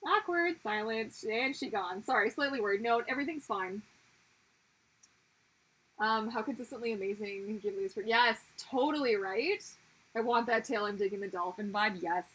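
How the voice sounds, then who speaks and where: Chatty woman artist on a livestream; fairly high voice, talks to viewers constantly. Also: normal speed, fairly bright tone, husky, poor audio. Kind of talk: casual livestream chat while drawing.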